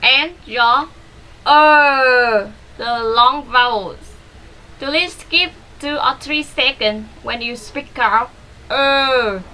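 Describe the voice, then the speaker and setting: Slow, bright-voiced woman teaching vowel drills. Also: high voice, low-quality recording. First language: not English. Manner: slow and deliberate, drawing out repeated vowel drills. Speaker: English pronunciation teacher. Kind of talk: pronunciation lesson with drills.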